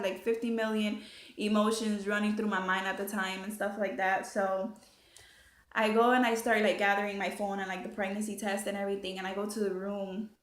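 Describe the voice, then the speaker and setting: Chatty young woman in an echoey room. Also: mid-range voice. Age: young adult. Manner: chatty, animated, swears freely, many fillers. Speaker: vlogger. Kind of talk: casual storytime.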